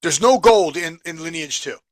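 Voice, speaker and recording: A man's voice: on the high side, lively intonation, normal speed, dry recording. A man co-hosting a casual podcast chat, joking around and pressing his co-host with teasing questions.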